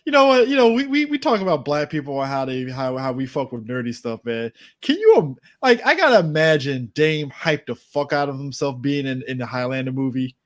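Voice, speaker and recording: A man's voice: mid-range voice, sing-song, brisk, hardly any pauses. A man co-hosting a podcast, talking hyped casual chat with plenty of swearing. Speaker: podcast co-host.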